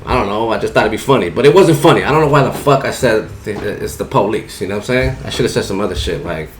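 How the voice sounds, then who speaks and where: Man, lowish voice, loose slangy swearing storyteller, faint hum behind. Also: lively intonation, fast. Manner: loose, profane, slangy, rambling with lots of "you know what I'm saying". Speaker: barber telling a story on a podcast. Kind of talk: casual storytelling.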